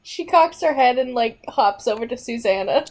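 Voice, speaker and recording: A woman's voice: a little high, animated, moderate pace. A woman playing a tabletop game, speaking in a playful, giggly way. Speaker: player.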